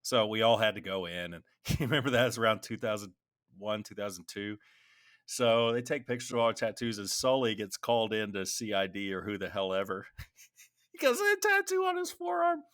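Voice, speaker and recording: A middle-aged man with a very low voice that still has a bright, forward edge tells stories with a veteran's casual looseness. He circles back and restarts often. The sound is dry and close. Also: steady tone, brisk, no room sound. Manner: rambling anecdotes with many restarts and fillers. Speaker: podcast co-host; military veteran. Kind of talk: casual conversational storytelling.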